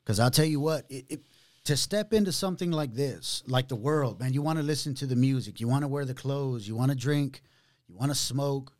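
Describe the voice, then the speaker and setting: Middle-aged man, pastor and podcast host, casual animated storyteller. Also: medium pitch. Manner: animated storytelling, drawn-out words, casual slang. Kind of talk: conversational testimony.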